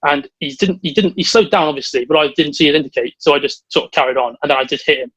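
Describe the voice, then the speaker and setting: A young man from England tells a story in rapid, excitable bursts, one thing tumbling after another. His voice sits a little high, and it comes across close, dry and a bit muffled. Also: breathy edge, no echo. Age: young adult. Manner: rambling storyteller, quick and excitable. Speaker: podcast co-host. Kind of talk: casual chat.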